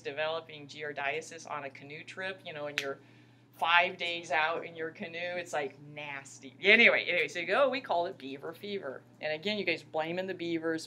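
Casting: middle-aged woman, lab instructor, a little low-pitched, chatty and impassioned, faint noise behind. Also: sharp tone. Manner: chatty, impassioned, repeatedly says "you guys". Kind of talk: classroom lecture. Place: classroom lab.

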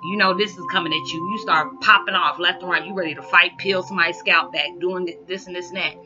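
A woman's voice: on the low side, quick pace. Rambling woman vlogger over background music. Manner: rambling, conversational, many "you know" fillers; animated, rising loud when acting out reactions. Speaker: spiritual vlogger. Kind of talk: casual spiritual talk. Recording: dull lo-fi audio with background music.

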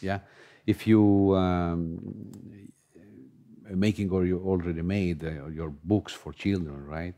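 A spiritual teacher in a panel discussion, speaking halting English. His voice is deep and mellow, and his delivery is slow. He often restarts his sentences. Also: steady tone. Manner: halting non-native English with many restarts.

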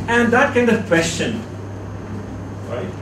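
Very animated and speaking slowly in a very high voice, a teacher leads his class through a word exercise, asking students questions along the way. The recording is far off, echoey, and noisy.

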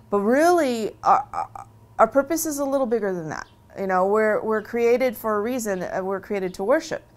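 A woman with a middle-pitched voice speaks in an interview, earnest and animated. She talks casually, circling back and restarting her phrases as she makes her point. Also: normal speed. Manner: conversational, often restarting phrases. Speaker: interviewee, religious convert. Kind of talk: long-form interview, casual personal talk.

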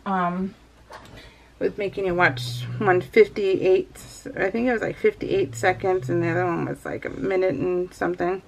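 A woman's voice: lowish voice, flat delivery, moderate pace, creaky, a little hiss or hum. Giggly rambling woman crafting vlogger. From California. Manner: giggly, rambling, sing-song. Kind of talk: casual chat while crafting.

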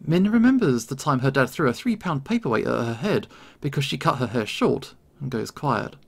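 A man hosting a let's play, reading the narration of a story game aloud in an expressive, dramatic way. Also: medium pitch, moderate pace, vocal fry.

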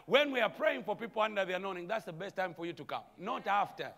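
A man preaching a sermon as pastor, animated, calling out to the congregation and chuckling between points. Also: high voice, quick pace, vocal fry, in a large hall, a little hiss or hum. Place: church sanctuary.

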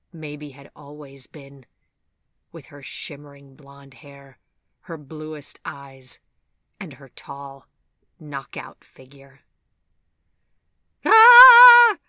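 A woman narrating a storybook audiobook in a measured, expressive way. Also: extremely low pitch, no room sound, clean studio sound.

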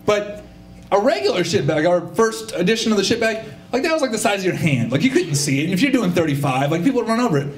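A man's voice: sits high, quick pace, reverberant, a little hiss or hum. A man performing a funny personal story at a live storytelling show, acting out the voices of the people in it. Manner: animated, acts out voices, audience laughter. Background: audience laughter.

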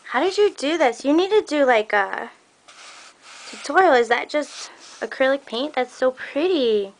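A young woman excitedly unboxing craft gifts for her viewers, gushing, gasping and laughing as she talks. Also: sits high, measured pace. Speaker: crafting vlogger opening a swap package. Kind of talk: casual unboxing chat.

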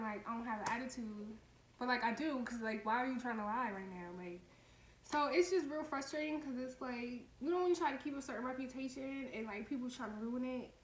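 Brief: woman in her twenties, fairly high voice, blunt profane storyteller, echoey room with faint noise. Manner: animated, profane, heated storytelling. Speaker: vlogger telling a story. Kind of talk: casual storytime vlog.

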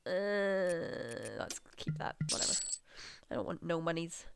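A woman's voice: on the low side, normal speed, vocal fry, slight background noise. A young woman casually commenting on a game she is playing, crude and giggly, muttering asides into a close mic. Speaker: gaming video host. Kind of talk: casual let's-play commentary.

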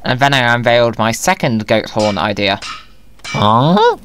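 A man's voice: medium pitch, moderate pace, background noise. A man giving playful, jokey commentary over his own gameplay, often talking to himself. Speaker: Minecraft video creator.

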